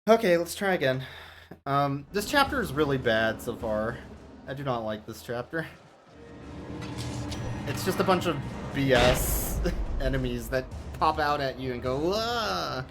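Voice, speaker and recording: A man's voice: medium pitch, animated, a little slow, a bit bright, faint music behind. A man streaming a video game, chatting casually with his viewers, swearing and laughing, and cooing at his cat. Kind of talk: casual gameplay commentary.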